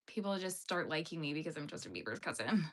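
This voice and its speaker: Her voice is low and expressive, and she talks fast as she hosts a knitting livestream from Yellowknife, Canada, in the far north. The chat with viewers is casual and full of easy laughter, with "like" dropped in constantly as filler.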